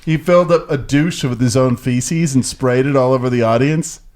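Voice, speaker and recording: A man cohosting a casual talk show, chiming in with jokes and loud impressions of friends. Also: medium pitch, normal speed. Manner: jokey, chimes in, shouts in impressions. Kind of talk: casual banter.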